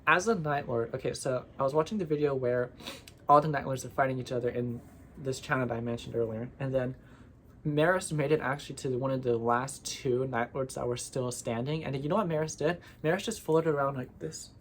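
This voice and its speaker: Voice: medium pitch, brisk, a little hiss or hum. A vlogger chatting casually and at length, wandering off on tangents and getting playfully indignant. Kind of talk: casual rambling monologue.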